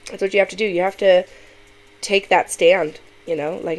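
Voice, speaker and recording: A woman's voice: lowish voice, steady tone, moderate pace. A woman hosting reaction commentary, giving emphatic opinions and acting out what she would say to critics. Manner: emphatic, opinionated, acts out quoted remarks. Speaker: commentary host.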